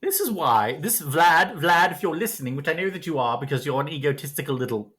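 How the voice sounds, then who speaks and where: A woman's voice: low-pitched, expressive, a little fast, a bit bright. A woman playing an ancient vampire in podcast chat, wry, blunt and given to swearing.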